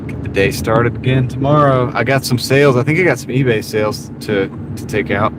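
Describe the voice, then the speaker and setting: Driving at night, a Southern-accented man chats loosely with his live-stream audience, relaxed and poking fun at himself. His medium-pitched voice moves a little fast, and the wireless clip-on mic picks up plenty of car and road noise around him.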